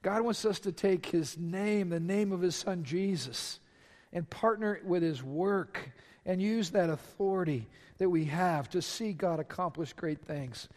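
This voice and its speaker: Male pastor, high voice, emphatic repeating sermon style, long hall reverb. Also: unhurried, a little mellow. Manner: impassioned preaching with emphatic repetition. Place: large church sanctuary.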